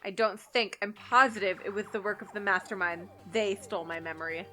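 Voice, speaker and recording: A woman reading the lines of a calm, reserved teenage girl detective, explaining in a cool, measured way. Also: mid-range voice, faint music behind, close to an everyday voice. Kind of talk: reading game dialogue aloud.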